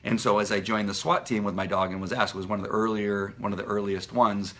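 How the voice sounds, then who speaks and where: A man who trains police dogs, talking casually and at length on a live stream, rambling with many fillers and restarts, and now and then barking out a loud dog command. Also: fairly low pitch, steady tone, brisk. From Southern California.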